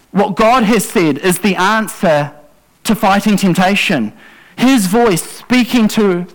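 High-voiced man preaching casually. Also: rough recording. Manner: conversational, with self-corrections and asides. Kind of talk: sermon. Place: church congregation.

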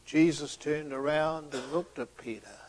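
A man delivering a sermon at an unhurried pace, his voice sitting a little high. He tells the story by acting out each speaker, building emphasis and then falling to a hushed near-whisper. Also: slight background noise. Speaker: preacher.

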